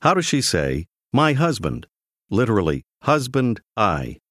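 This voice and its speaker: A man narrating a language course in a clear, measured scripted style, giving prompts to the learner. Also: mid-range voice, very animated, fairly bright tone, no room sound, clean studio sound.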